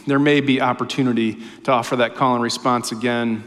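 A man's voice: mid-range voice, little pitch movement, fairly quick. Man preaching in a reverberant church. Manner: dramatic, swinging from loud emphasis to hushed reading. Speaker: pastor. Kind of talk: sermon and scripture reading. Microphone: camera-facing preaching mic. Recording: long hall reverb.

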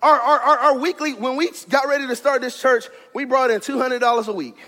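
A man preaching a sermon as pastor of his church, in a fiery, rhythmic style that builds to shouted climaxes. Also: very high-pitched, fairly even intonation, a little fast, in a large hall. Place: church sanctuary.

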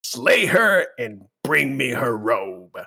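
A man voicing a pompous, haughty female dark elf apprentice mage in a game podcast. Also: medium pitch, sing-song, vocal fry, breathy edge, heavily acted. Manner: haughty, drawn-out, slowing at the end.

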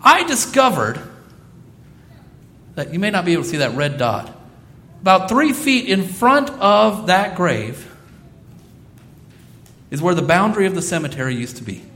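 A man's voice: high-pitched, sing-song, normal speed, pauses often, a bit bright. A man in his thirties preaching a sermon, earnest and repeating phrases for emphasis. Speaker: pastor.

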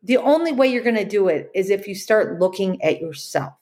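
A woman's voice: mid-range voice, expressive, brisk, a little mellow. A woman hosting a podcast, talking earnestly in a motivational monologue, repeating her points and asking rhetorical questions. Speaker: podcast host.

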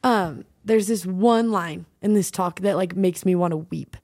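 A woman's voice: fairly low pitch, steady tone, moderate pace, a little mellow, dry recording, clean studio sound. A young woman co-hosting a faith podcast, talking heartfelt and rambling with lots of "like" fillers. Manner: heartfelt, rambling, heavy use of "like". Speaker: podcast co-host. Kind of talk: casual faith-based podcast chat.

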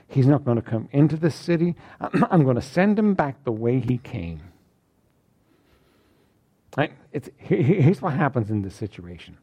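A male pastor preaching a sermon, reading scripture aloud and then retelling it in everyday words. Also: mellow. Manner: reads King James scripture then paraphrases it in plain talk; preaching, rising high and emphatic at points.

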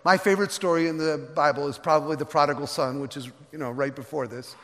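An older man preaching a sermon as pastor, telling the story with animated, folksy asides and acting out the characters. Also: on the high side, quick pace. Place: church sanctuary. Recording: long reverb of a large hall.

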